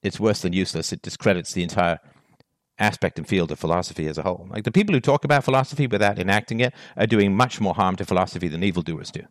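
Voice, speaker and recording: A man delivers a solo philosophy monologue, firing off one rhetorical question after another. His voice rises and falls across a wide, lively range. The sound is close and dry, with no room around it. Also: deep voice, quick pace, dry recording. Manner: rhetorical questions, emphatic and animated. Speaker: philosophy talk host.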